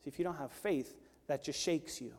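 A man preaching a sermon, swinging from hushed, intimate lines to loud, urgent ones. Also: on the high side, fairly quick, long reverb tail. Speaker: pastor. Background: worship team instruments.

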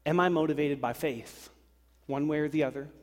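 A man preaching a sermon to a congregation, lively and acting out worried voices. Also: on the high side, a little fast. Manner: animated, acts out worried voices. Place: church sanctuary. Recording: long hall reverb.

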